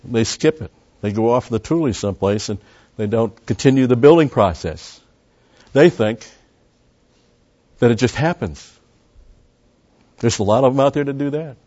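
In a dull, lo-fi recording, a pastor delivers a teaching sermon on scripture, leaning hard on key words with sudden loudness and using fillers and restarts. He has a medium-pitched voice with lively intonation, normal speed and long pauses.

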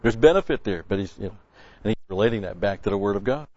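A man's voice: fairly low pitch, animated, fast talker, darkish tone, dry recording, dull audio. A man preaching a conversational sermon, folksy and blunt, quoting scripture and restarting his sentences often.

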